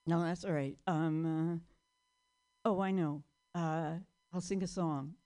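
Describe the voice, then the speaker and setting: A woman's voice: low-pitched, steady tone, takes it slowly, mellow. A woman doing a stand-up comedy set on stage, rambling through self-deprecating jokes. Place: stage before a live audience.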